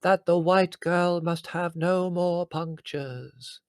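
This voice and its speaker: A man's voice: fairly even intonation, no echo, studio quality. Mrs Haddock, a man voicing a portentous fake medium. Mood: solemn, portentous. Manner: slow booming trance-like pronouncements. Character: pompous older female fake medium, theatrical.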